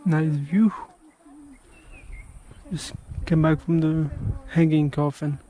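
A man's voice: a little high, little pitch movement, slow pace, dark tone, slight background noise, poor audio. A young man making a casual travel vlog outdoors on a hike, talking into an action camera with blunt, offhand remarks and the odd swear word. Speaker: travel vlogger. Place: outdoors on hiking trails and in caves.

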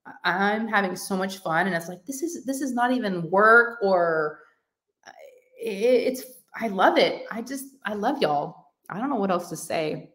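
A woman's voice: mid-range voice, measured pace. Gushing woman livestreaming. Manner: gushing, excitable, effusive. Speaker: livestream host of a crafting channel. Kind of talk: casual livestream chat reading comments.

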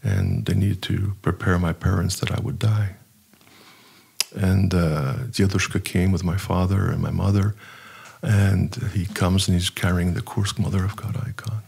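A middle-aged archpriest telling a personal story in an earnest, halting way, with many pauses and fillers. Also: male voice, sits low, fairly even intonation, gravelly, a little mellow, slightly rough. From United States. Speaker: archpriest guest.

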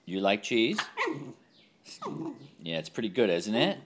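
A man's voice: on the low side, very animated, measured pace. A man talking to his pet dog at home in coaxing, sing-song baby talk. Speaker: dog owner.

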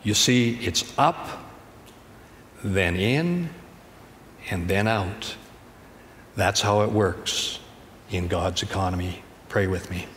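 A man's voice: low-pitched, slow, pauses often, a bit bright, a little hiss or hum. A man pastor preaching a sermon in a conversational, storytelling manner, recorded in a church sanctuary. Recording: church hall reverb, faint ambience.

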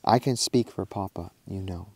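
Kind, earnest storybook mother, low and dry, voiced by a male reader. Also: normal speed, a little mellow, no echo. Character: gentle truthful frontier mother, adult woman.

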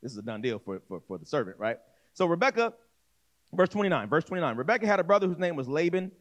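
A man's voice: fairly high pitch, sing-song, fast talker, a bit bright. A man preaching a sermon as pastor, telling a story in a conversational way, acting out voices and repeating himself as he goes. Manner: direct, conversational, repeats words and restarts.

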